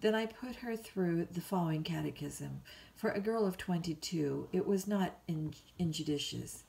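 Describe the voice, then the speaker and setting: A woman storyteller reading a classic novel aloud as a bedtime story, in a measured, unhurried way. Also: fairly low pitch, vocal fry, mellow, rough recording.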